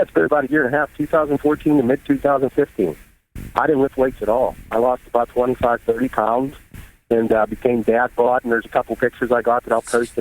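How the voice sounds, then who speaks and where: A man's voice: medium pitch, no room sound, poor audio. A man in his thirties, a guest on the show, telling stories candidly and with a lot of swearing. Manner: candid, profane, animated retelling. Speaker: guest bodybuilder. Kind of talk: casual storytelling interview.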